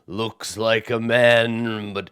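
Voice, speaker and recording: A man voicing a huge, hungry, mocking male cyclops giant in a tabletop game, drawling his words slowly. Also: level tone, fairly bright tone, clear, resonant tone. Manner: slow drawling booming delivery. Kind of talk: tabletop game role-play.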